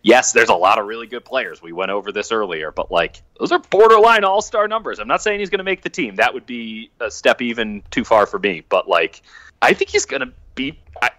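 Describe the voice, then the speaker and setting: A man's voice: medium pitch, lively intonation, a little fast, pushed and bright, no echo. A man chatting casually on a sports podcast, laughing often and restarting his sentences. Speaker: podcast guest.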